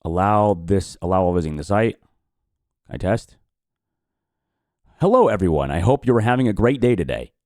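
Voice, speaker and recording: A man's voice: lowish voice, sing-song, moderate pace, pauses often, darkish tone, dry recording, studio quality. A man hosting a live-stream watch party, chatting casually, swearing and reacting with frustration.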